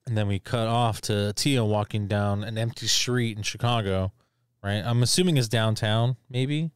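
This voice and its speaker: A man's voice: fairly low pitch, moderate pace, clear, resonant tone, no room sound, studio quality. Rambling, profane man recapping a movie. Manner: rambling, profane, acts out scenes. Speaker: podcast co-host.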